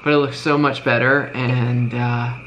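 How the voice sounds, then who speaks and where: A young man talks casually beside his co-host, his voice mid-pitched and easy. He rambles a little as he explains things. Faint background noise sits under the recording. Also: measured pace, poor audio. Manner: relaxed, rambling. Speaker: vlogger, co-host. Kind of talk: casual vlog chat.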